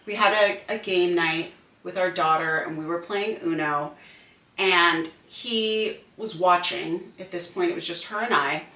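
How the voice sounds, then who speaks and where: A woman's voice: on the low side, unhurried, distant mic. A woman in her thirties co-hosting a podcast, telling stories in casual chat and acting out quoted lines. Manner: animated storyteller, acts out quoted voices. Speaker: podcast co-host. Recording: echoey room, off-mic.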